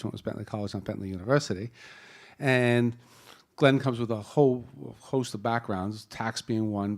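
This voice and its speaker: A lowish, darkish voice belongs to this Boston-accented man moderating a live panel. Holding a handheld mic in a conference hall, he jokes and rambles through introductions, frequently starting over.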